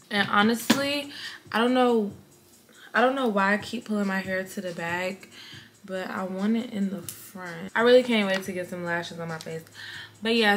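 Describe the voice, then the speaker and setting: A woman's voice: medium pitch, fairly bright tone, slight background noise. Young woman, casual vlog chatter, tired and rambling, faint clicks behind. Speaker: vlogger.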